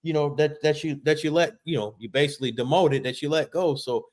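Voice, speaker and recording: A man's voice: on the high side, a little fast, a little mellow. A man co-hosting a casual sports podcast over a video call, emphatic and frustrated, often repeating words. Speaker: podcast co-host. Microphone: remote video call.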